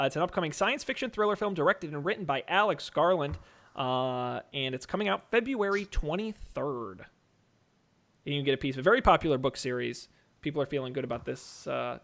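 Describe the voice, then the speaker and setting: A man's voice: a little high, a bit bright. A man hosting a casual podcast, calling out bids like an auctioneer and joking along the way. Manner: joking, quick auctioneer patter. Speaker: podcast host running a movie draft auction.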